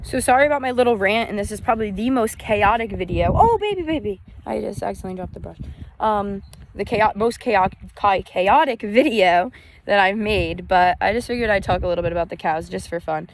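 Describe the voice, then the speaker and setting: An eighteen-year-old woman and hobby cattle keeper vlogs from a cattle pen outdoors, filmed on a handheld phone. Her medium-pitched voice moves a little fast as she chats casually, rambling and correcting herself. There's a slight hiss or hum in the recording.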